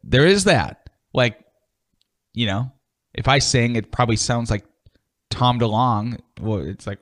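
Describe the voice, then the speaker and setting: A man's voice: mid-range voice, measured pace, long pauses, fairly bright tone, no room sound, studio quality. A man co-hosting a podcast, chatting in an easygoing way and laughing along. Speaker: podcast co-host. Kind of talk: casual chat.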